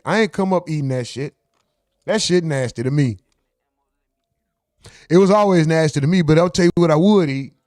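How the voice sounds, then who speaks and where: A man's voice: high-pitched, darkish tone, dry recording, clean studio sound. A man from the American South hosting a casual livestream sign-off, reading chat comments aloud in a laid-back, profane way. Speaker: livestream host.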